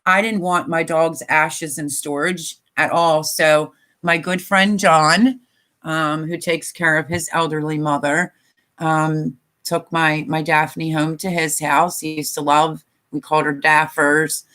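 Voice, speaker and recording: A woman's voice: low-pitched, level tone, slow, fairly bright tone. An older woman chatting casually on a live stream, tired and emotional, rambling with many fillers. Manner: emotional, rambling, tearful at times.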